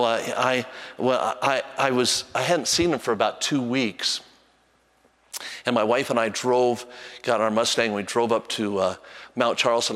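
An older man delivers a sermon as a pastor, moving between hushed, tender prayers and brisk, animated storytelling. His voice sits in an ordinary middle register and carries a long reverb, as if he is preaching from the front of a large hall. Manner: storytelling, animated, voice jumps high when acting out a child.

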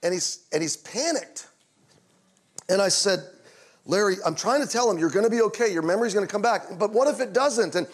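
A middle-aged male pastor telling a personal story in a conversational sermon, going quiet and low in tender moments. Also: lively intonation, brisk.

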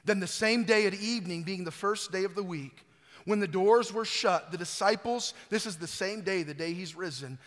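A male pastor preaching an Easter sermon, swelling to loud emphasis and dropping to quiet, recorded in a church sanctuary. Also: sits high, normal speed. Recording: church hall reverb.

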